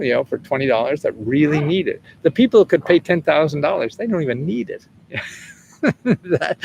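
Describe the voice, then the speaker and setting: This seventy-something host has a fairly high, gravelly voice, with slight background noise in the clip. He chats loosely on a livestream, answering viewer questions about government money, laughing a lot and cursing without hesitation.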